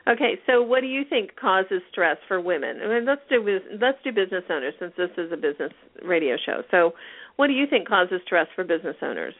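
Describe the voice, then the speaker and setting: A woman's voice: fairly low pitch, animated, a little fast. A woman hosting a business radio show, asking conversational questions and giving brief affirming backchannels. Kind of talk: radio interview. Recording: tinny phone-like radio line.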